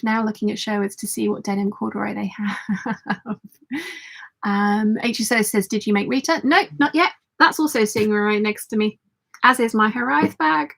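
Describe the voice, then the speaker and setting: Woman, sewing livestream host, croaky, husky, gravelly, casual chatty delivery. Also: on the high side. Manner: chatty, reads viewer comments aloud. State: slightly croaky voice.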